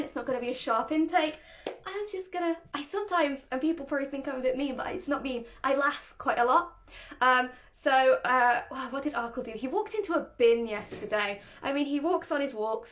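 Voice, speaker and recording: A woman's voice: sits high, fairly bright tone. A woman, a dog trainer, giving a chatty, casual lesson and often laughing. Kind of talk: casual instructional talk.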